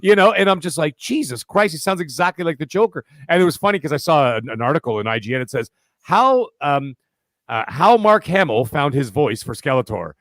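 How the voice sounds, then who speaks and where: A man co-hosting a gaming podcast in relaxed, swear-filled chat. His voice sits a little high, and the sound is close and dry. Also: a little fast, dry recording. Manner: animated, profane, repeats "right?". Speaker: podcast co-host. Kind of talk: casual chat.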